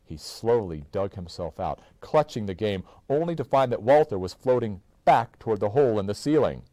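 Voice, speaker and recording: A man reading a children's book aloud to his child, with expressive, animated storytelling. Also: on the low side, moderate pace, no echo. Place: indoors.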